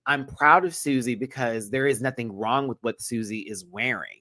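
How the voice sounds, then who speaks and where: A man hosting a live-stream TV review, talking in an animated, emphatic and slangy way with plenty of swearing, jumping between loud bursts and low mutters. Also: normal speed, dry recording. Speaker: show host reviewing a TV episode.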